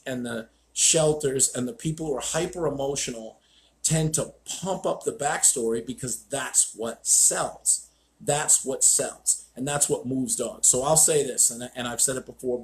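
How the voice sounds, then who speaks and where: A man hosting a live stream as a dog trainer, telling stories bluntly with swearing and acted-out quotes. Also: mid-range voice. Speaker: dog trainer, show host. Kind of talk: casual live-stream chat.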